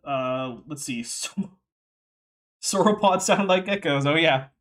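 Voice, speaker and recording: A man's voice: on the high side, unhurried, fairly bright tone. A man hosting a casual commentary stream, reading text aloud with wry, sarcastic asides. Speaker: host.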